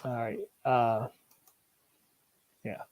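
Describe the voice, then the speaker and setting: A man's voice: mid-range voice, flat delivery, drawn-out words, a little hiss or hum. A man hosting a casual sports livestream, reading viewer comments aloud, laughing often and restarting his phrases. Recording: dull lo-fi sound.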